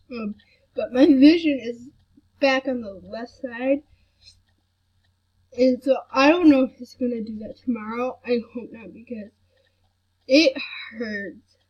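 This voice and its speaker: A sick woman with a headache chatting to camera in a soft, rambling way with many fillers. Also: fairly high pitch, husky. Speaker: vlogger. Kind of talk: casual chat to camera. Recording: dull lo-fi recording.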